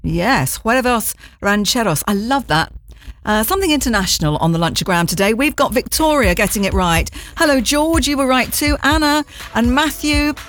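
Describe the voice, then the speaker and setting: A woman's voice: fairly high pitch, lively intonation, moderate pace, a bit bright. A woman presenting on the radio from a studio, chatting casually and sounding a little giggly. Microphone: studio mic.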